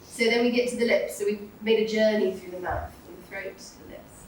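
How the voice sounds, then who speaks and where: A woman's voice: mid-range voice, steady tone, fairly quick, a little mellow, far from the mic. A British woman teaches Sanskrit pronunciation to a class. She models each sound for the group to copy back. Her voice comes from some way off the microphone in a very echoey room with faint noise. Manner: demonstrates sounds for the group to repeat.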